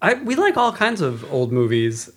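Male guest writer, even middle voice. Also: mid-range voice, moderate pace. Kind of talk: casual interview answers.

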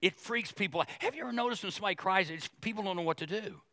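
Man, middle-aged, pastor, sermon, animated and jokey, acts out voices, bright forceful tone, dry sound. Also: sits high, racing, no room sound.

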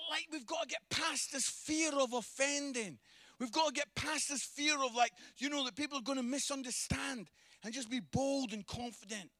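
A man preaching a lively sermon, telling a story with humour and acting out the people in it. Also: very high voice, no echo. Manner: animated, humorous, acts out dialogue.

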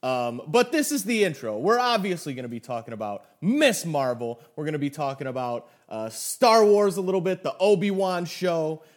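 A young man co-hosting a casual podcast, playful and quick to laugh. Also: a little high, expressive. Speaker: podcast co-host.

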